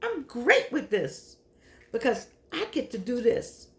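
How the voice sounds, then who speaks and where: Teary older woman with a gravelly voice. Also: on the high side, animated, a little slow, a little mellow. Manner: preachy, emotional, repeats phrases, calls on the Lord. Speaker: show host and humanities professor. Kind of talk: casual heartfelt monologue to camera.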